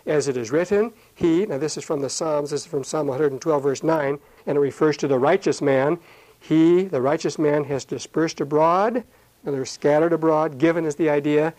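A man teaching a Bible passage verse by verse, talking conversationally with many fillers and slowing down when he reads the scripture aloud. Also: fairly high pitch, fairly even intonation, a little mellow, low-quality recording.

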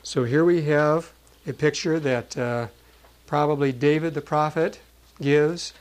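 A man's voice: fairly high pitch, steady tone, a little slow, poor audio. A man preaching a sermon, explaining Bible passages earnestly and reading verses aloud with emphasis, with some fillers and restarts.

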